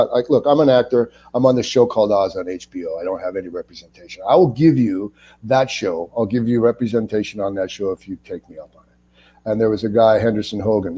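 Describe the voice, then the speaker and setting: A middle-aged man with a dark, mellow voice, chatting as an interview guest. He spins his stories with animation, slips into the voices of the people he describes, and stammers over restarts when excited. His tone is relaxed and warm. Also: lowish voice, husky. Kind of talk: casual anecdotal storytelling.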